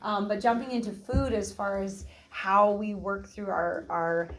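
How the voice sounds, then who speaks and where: A woman co-leading a nutrition workshop, telling a personal story in a chatty, animated way and acting out quoted voices. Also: medium pitch, measured pace, a little hiss or hum. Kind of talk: casual storytelling talk.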